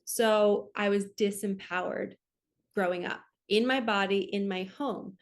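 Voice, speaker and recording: A woman's voice: mid-range voice, fairly even intonation, unhurried. A woman, a spiritual coach talking earnestly and emotionally to her viewers in a casual monologue. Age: 40s. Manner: earnest, emotional, many "oh my gosh" and "like" asides. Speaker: spiritual coach and channel host. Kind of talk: casual heartfelt monologue to camera.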